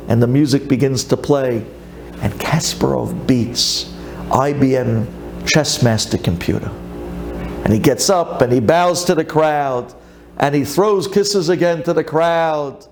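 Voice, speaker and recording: A man, a rabbi, telling a story in a sermon with animated, dramatic delivery. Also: mid-range voice, measured pace, faint music behind.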